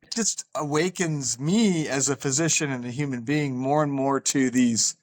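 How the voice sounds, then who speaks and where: A man's voice: medium pitch, moderate pace. A man, a physician, speaking as a podcast guest in casual chat, earnest and reflective, explaining at length.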